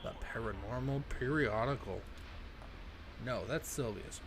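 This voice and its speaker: A man's voice: mid-range voice, sing-song, normal speed. A man reading a game's dialogue aloud and breaking in with sarcastic, swearing asides as a let's play host. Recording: clear background noise.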